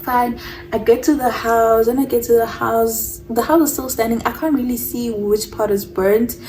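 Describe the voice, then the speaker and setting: A young woman telling a personal story on her vlog, animated and mixing English with Zulu phrases. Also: fairly high pitch, moderate pace, distant mic, slight background noise, rough recording. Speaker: vlogger.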